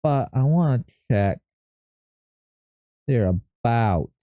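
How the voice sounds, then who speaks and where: A streamer talks through what they are doing in a loose, rambling way and keeps correcting themself mid-sentence. The pitch swings up and down a lot, while the words come out slowly. The desk mic sounds dry and a little dull. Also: lively intonation, no room sound. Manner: rambling, thinking aloud, self-correcting. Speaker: live streamer. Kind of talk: casual live-stream chat.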